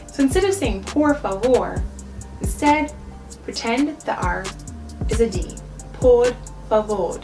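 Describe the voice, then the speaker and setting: A woman's voice: fairly high pitch, expressive. Woman, vlog language teacher, patient and repetitive, mic set back, music bed audible. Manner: patient, repeats words slowly for practice. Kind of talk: travel vlog language lesson. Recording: distant mic with background music.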